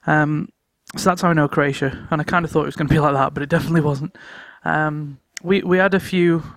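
A man co-hosting a podcast, telling animated travel stories in casual chat and laughing often. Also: fairly high pitch, quick pace, no echo, studio quality. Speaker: podcast co-host.

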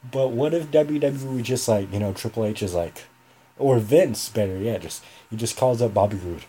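Husky-voiced man in a rambling podcast chat. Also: mid-range voice, moderate pace, dark tone. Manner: rambling, self-correcting, chatty. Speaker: podcast host. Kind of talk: casual solo podcast talk.

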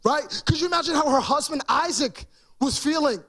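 A man's voice: very high voice, brisk, bright, forceful tone. A male pastor preaching an emphatic sermon and throwing rhetorical questions to the congregation.

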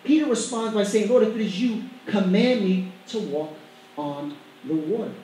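A man's voice: high voice, normal speed, mellow, a little hiss or hum. A man preaching a sermon, talking emphatically with stumbling restarts and asking the congregation to repeat lines after him. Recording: very echoey hall, mic far off.

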